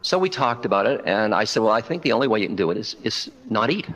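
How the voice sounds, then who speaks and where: A man's voice: fairly low pitch, sing-song, quick pace, a bit bright, low-quality recording. A man in his sixties giving a spiritual talk, telling stories in a conversational, wry way and quoting the dialogue. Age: 60s. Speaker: spiritual teacher. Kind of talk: public talk with storytelling. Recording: 1992 lecture recording.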